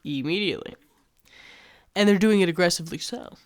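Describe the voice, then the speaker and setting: A young woman telling a casual storytime vlog, animated and slangy, swearing freely and acting out what people said. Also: mid-range voice, normal speed.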